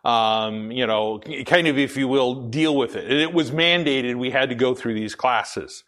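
A middle-aged man with a deep, full radio-style voice, preaching a conversational sermon as pastor with many fillers and restarts. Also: normal speed, a bit bright.

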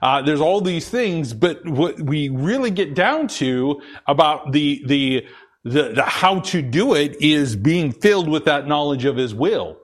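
This middle-aged lay preacher delivers a conversational sermon mixed with personal testimony, his voice rather high, animated and unhurried. He comes across as earnest and confessional, hesitating often, with plenty of fillers and restarts.

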